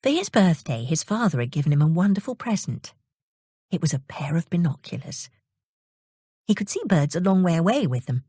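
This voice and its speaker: A woman reading children's stories aloud in a slow, expressive storytelling manner. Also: on the low side, slightly rough, no echo, clean studio sound. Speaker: audiobook reader.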